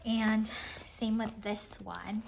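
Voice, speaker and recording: Speaking extremely slowly in a steady, rather high, gravelly voice, this woman vlogs about cross-stitch and holds up her new buys. She's chatty and giggly, leans on "like" constantly, and there's noise in the background.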